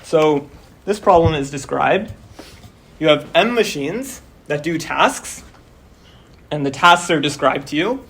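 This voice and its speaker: A young man teaching a university class, talking casually and filling pauses with "like" and "um", his voice a bit worn as he starts losing it. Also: a little high, lively intonation, fairly bright tone, slight background noise. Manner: casual, explains step by step with many fillers. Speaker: course instructor. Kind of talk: university lecture.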